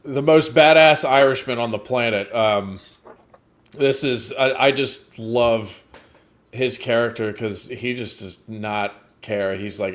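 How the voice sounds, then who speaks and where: A young man chatting on a movie review podcast in a mid-range voice. He retells scenes with animated energy, breaking into laughter and casual swearing. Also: medium pitch, takes it slowly. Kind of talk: casual chat.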